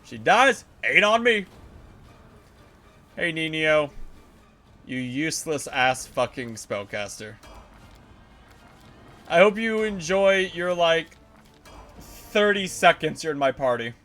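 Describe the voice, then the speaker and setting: Man, live gameplay commentary, high bright voice, very lively pitch, soft music behind. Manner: excitable, swearing, quick reactions. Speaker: video game streamer.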